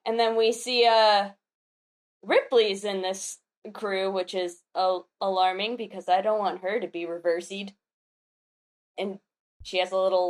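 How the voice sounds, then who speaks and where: A woman, a podcast panelist, recapping a comic chapter in animated, enthusiastic casual chat. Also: mid-range voice, unhurried.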